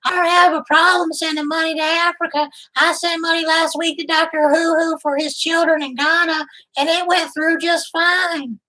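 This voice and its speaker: A lovesick, gullible woman who coos and frets in a piercingly high voice that hardly moves up or down, put on by a man as a prank. She sounds tearful and devoted, smothering her listener in endearments. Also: flat delivery, normal speed, sharp tone, exaggerated voice, poor audio. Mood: doting gullible. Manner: doting, tearful, naive sweet-talk. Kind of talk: prank call role-play.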